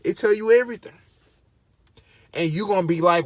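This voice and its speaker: A man's voice: high-pitched, brisk, long pauses, dry recording. A man vlogging in casual to-camera commentary, emphatic and preachy, repeating his points over and over.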